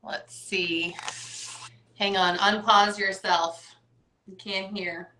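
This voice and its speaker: Bright chatty woman hosting a wellness talk. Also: mid-range voice, steady tone, very slow, reverberant, low-quality recording. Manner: chatty, upbeat, lots of "like" and "right?". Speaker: host. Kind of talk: casual wellness chat. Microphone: video call.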